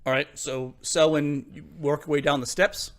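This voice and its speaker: A young man narrating as game master in a tabletop game, halting and full of fillers. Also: fairly high pitch, little pitch movement.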